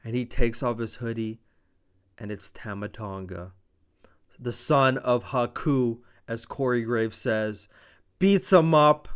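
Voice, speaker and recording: A man with a smooth, resonant voice at an ordinary middle pitch recaps a wrestling show. He tells it blow by blow in an animated, casual way and swears now and then. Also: slow. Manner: animated, blow-by-blow retelling with profanity.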